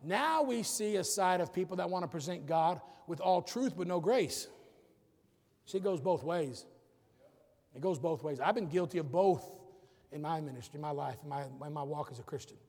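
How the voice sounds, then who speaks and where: A man preaching a sermon as pastor, calling out to the congregation and building to shouted points. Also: a little high, animated, brisk, gravelly. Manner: preachy, rising to shouts, calls for audience response. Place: large church sanctuary. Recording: long hall reverb.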